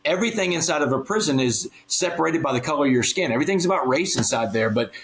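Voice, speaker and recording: A man's voice: on the high side, quick pace, rough recording. Man telling a personal story earnestly. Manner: earnest, animated storytelling with quoted dialogue. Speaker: guest speaker. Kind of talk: storytelling interview.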